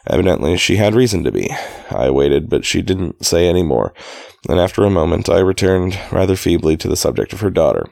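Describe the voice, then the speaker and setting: A man's voice: low-pitched, sing-song, a little fast, gravelly, a little mellow, no echo. A man reading a novel aloud in a dry, casual way, fixing slips and breaking off for chatty asides. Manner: dry, self-correcting, stops to comment on his own reading. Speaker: reader of a novel.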